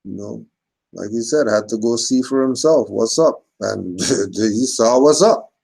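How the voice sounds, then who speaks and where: A man's voice: medium pitch, measured pace, gravelly, a little mellow, slightly rough. A man co-hosting a casual talk show, chiming in with agreement and short laid-back remarks. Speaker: podcast co-host. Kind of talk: casual chat.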